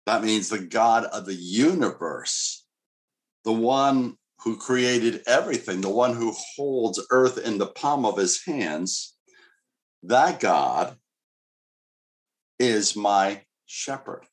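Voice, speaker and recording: Low-voiced man preaching earnestly. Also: takes it slowly. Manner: earnest, conversational preaching with casual asides. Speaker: pastor. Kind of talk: sermon.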